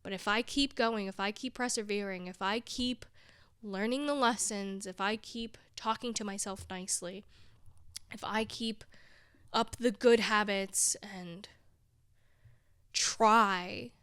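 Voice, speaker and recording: A young woman from a big city hosts her own podcast, rambling through a casual monologue in a mid-range voice at a slow pace. She sounds weary and discouraged, sometimes close to tears, yet laughs often at her own expense. The tone is a bit bright and clean, recorded at studio quality with no echo.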